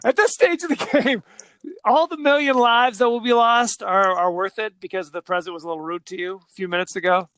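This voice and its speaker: A man's voice: high-pitched, brisk, smooth, no echo. A man co-hosting a podcast, recapping a film in casual chat and acting out the characters' lines. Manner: animated storytelling, acts out characters' lines. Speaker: podcast co-host.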